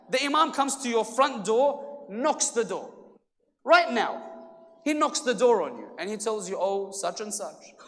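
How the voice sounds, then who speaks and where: Man giving an animated sermon in a reverberant hall. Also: high-pitched. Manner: animated storyteller, acts out dialogue with shifting volume. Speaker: lecturer. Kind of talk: religious lecture with storytelling.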